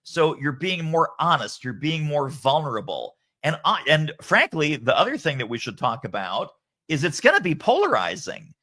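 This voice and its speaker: A man's voice: fairly high pitch, sing-song, moderate pace, sharp tone. A man as a podcast guest author, speaking emphatically and rattling off lists of points. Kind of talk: podcast interview.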